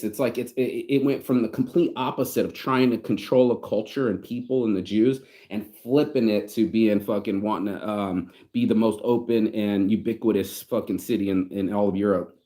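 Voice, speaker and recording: A man from the United States telling a story in a casual vlog, animated and slangy, acting out what people said. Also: lowish voice, moderate pace, few pauses. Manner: animated slangy storytelling, acts out quoted voices. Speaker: vlogger.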